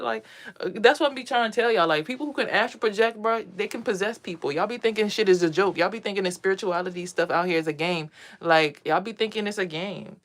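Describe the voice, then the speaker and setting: A woman's voice: medium pitch, quick pace. A woman talking casually to her viewers as a spiritual vlogger, blunt and profane, telling stories with emphasis. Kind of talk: casual monologue to a live chat.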